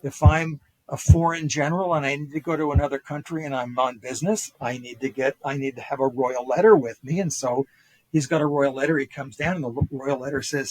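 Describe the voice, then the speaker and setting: An older man, a historian appearing as a podcast guest, casually retells ancient stories in a storytelling-lecture style, using quoted voices and lots of fillers and restarts. His voice is medium-pitched with fairly even intonation and a little fast, on a dry, rough recording.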